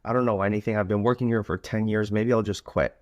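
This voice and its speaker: A man voicing a flustered office worker who stammers and rushes his words. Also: lowish voice, fairly even intonation, darkish tone, no room sound, dull audio, natural voice.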